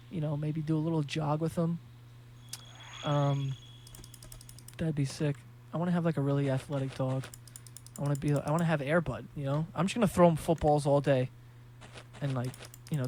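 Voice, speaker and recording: A man's voice: fairly high pitch, a little hiss or hum. A young man hosting a podcast, telling rambling, profane, joking stories in casual chat. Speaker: podcast host.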